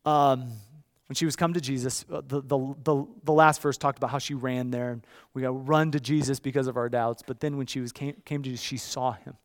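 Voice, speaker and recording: A man in his thirties preaching a sermon, with a storytelling delivery that swings from hushed to loud. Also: medium pitch, fairly even intonation, brisk, few pauses. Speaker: pastor.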